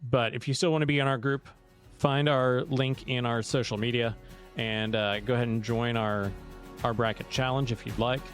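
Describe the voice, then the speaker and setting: A man co-hosting a podcast, wrapping up the episode in a relaxed way. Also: mid-range voice, moderate pace, faint music behind. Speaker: podcast co-host. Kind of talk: podcast sign-off and chat.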